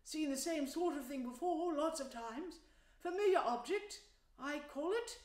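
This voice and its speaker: A woman's voice: high-pitched, unhurried, a little mellow, voice pushed up. A woman voicing a fussy, grumpy male mole who complains primly, in a storybook reading. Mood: grumbling. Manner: complaining and prim. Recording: roomy echo.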